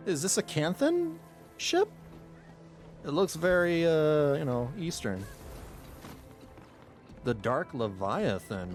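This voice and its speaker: A man's voice: on the high side, huge pitch swings, slow pace, pauses often, faint music behind. A man streaming a game, chatting and joking casually, often exclaiming in surprise. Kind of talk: casual live-stream commentary.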